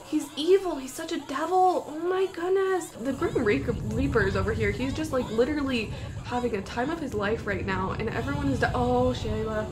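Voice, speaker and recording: Young woman, high voice, gameplay commentary, gasping and excitable, faint background hiss. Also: moderate pace, hardly any pauses. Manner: excitable, gasping, panicky exclamations. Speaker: gaming YouTuber.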